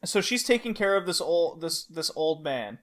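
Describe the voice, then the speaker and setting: A man's voice: on the high side, big pitch swings, normal speed. A man on a podcast, casually recapping an anime plot, laughing often and restarting his sentences. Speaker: podcast host. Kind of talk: casual chat.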